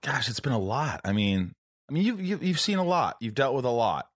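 A man's voice: mid-range voice, very animated, fairly quick, dry recording, clean studio sound. A man hosting an interview, talking candidly and emotionally with casual swearing. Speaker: podcast host.

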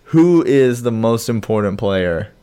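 A man's voice: medium pitch, a little slow, clear, resonant tone. Playful male sports podcast host. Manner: playful, builds to excited mock outrage. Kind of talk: casual sports podcast banter.

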